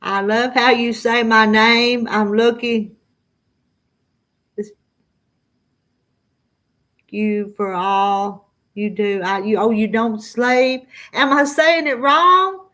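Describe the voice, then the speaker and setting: With a mid-range, fairly bright voice and fairly even intonation, this middle-aged Southern woman drawls slowly as she answers her live chat. A farm vlogger, she's chatty, reads out viewers' comments, and laughs a lot.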